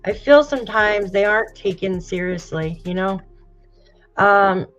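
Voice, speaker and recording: Slow and unhurried, a woman with a mid-range, slightly bright voice hosts a casual true crime livestream, talking straight to viewers, greeting the chat, and reading posts aloud. She sighs often between words and struggles to hold back tears. The audio is dull and lo-fi, with faint music behind her.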